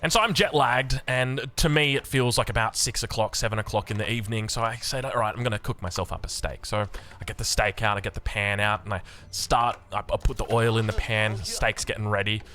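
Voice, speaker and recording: An Australian man casting a strategy game, rambling excitably into anecdotes with lots of restarts. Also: on the low side, a little fast. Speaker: game caster.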